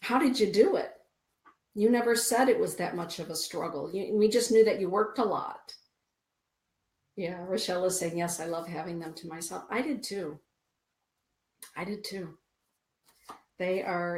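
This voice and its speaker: A woman's voice: fairly low pitch, normal speed, pauses often, a little mellow. A middle-aged woman hosting a spiritual live stream, reading viewer comments and oracle cards in a soothing, repetitive way. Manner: soothing, repeats phrases, reads viewer comments aloud. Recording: echoey room.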